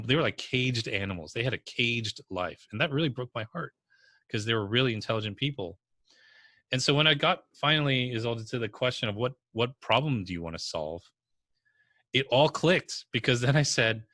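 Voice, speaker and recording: A man's voice: medium pitch, normal speed, no echo. A man from the New Jersey or New York area with a New York-area accent, a business coach telling stories bluntly and energetically in a podcast interview. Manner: blunt, energetic storytelling with strong language.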